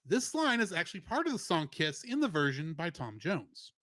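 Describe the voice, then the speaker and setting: A man's voice: on the high side, sing-song, moderate pace, pushed and bright, no echo. A man co-hosting a podcast, reading a plot summary and film trivia with playful asides. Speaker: podcast co-host.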